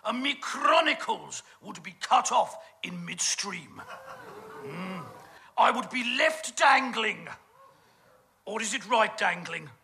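British man, camp and gossipy, stage comedy, bright high voice with gravel. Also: expressive, takes it slowly, a little hiss or hum. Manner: camp, gossipy, innuendo-laden asides. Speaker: comic performer. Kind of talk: stage comedy monologue to an audience.

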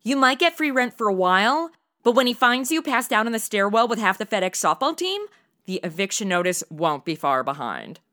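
A woman's voice: mid-range voice, sing-song, a little fast, a bit bright. A woman giving sassy, wisecracking comedic commentary as a co-host. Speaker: comic co-host.

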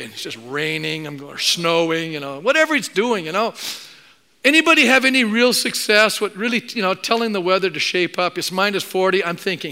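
Pastor, male, fairly high voice, animated storyteller preaching to his church. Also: normal speed, clear, resonant tone. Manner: animated storytelling, acts out quoted voices, jokes with the congregation. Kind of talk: sermon.

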